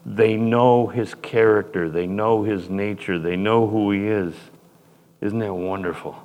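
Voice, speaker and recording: A man preaching through a Bible passage, fervent, dropping into short prayers and swinging between loud emphasis and quiet. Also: fairly low pitch, steady tone, unhurried, long reverb tail, phone-quality sound. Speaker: pastor. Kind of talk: Bible-teaching sermon.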